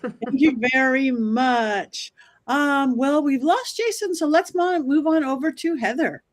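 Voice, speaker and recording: A woman's voice: high voice, a little slow. A woman hosting a panel podcast, introducing guests in an upbeat way. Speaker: podcast host.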